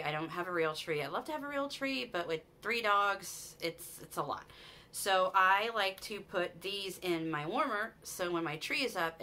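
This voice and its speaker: Bright chatty woman vlogger. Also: on the low side, slight background noise. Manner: chatty, gushing, gets sentimental. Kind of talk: casual haul chat to camera.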